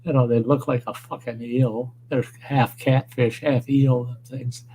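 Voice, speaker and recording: The audio is poor with slight background noise as a man with a mid-range voice speaks unhurriedly. He's a northern Wisconsin livestream host in casual storytelling mode, animated, rambling, and profane as he talks about food and fishing.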